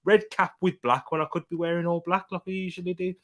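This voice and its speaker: A young man hosting a live football watchalong stream from home, tired, chatting casually, giving slangy shout-outs and reading out viewers' comments. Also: sits high, steady tone, quick pace. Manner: chatty, greets viewers and reads out chat comments.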